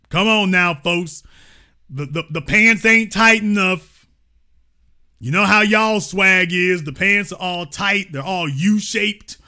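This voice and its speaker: High, bright and forceful, a man's voice carries a heated monologue on his commentary show. He talks in slangy, colloquial terms, repeating his arguments emphatically and confrontationally.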